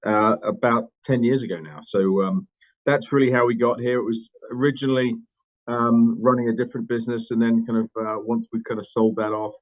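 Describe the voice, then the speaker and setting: A British man with a mid-range voice talks through his work as a podcast guest. He is thoughtful, pausing on ums and rephrasing as he goes. The audio sounds a little muffled. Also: medium pitch, steady tone. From United Kingdom. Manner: thoughtful, many fillers and restarts. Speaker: company co-founder, guest. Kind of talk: conversational interview.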